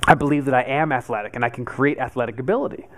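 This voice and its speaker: A man's voice: medium pitch, racing, fairly bright tone. A man in his thirties telling a personal story to a live group, acting out his own past panic as he goes. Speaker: meetup speaker.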